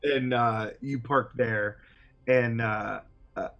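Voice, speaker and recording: A man's voice: medium pitch, fairly even intonation, slow pace, fairly bright tone, lo-fi sound. A man narrating a tabletop game as game master, rambling with lots of fillers. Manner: rambling and filler-heavy, with chuckles.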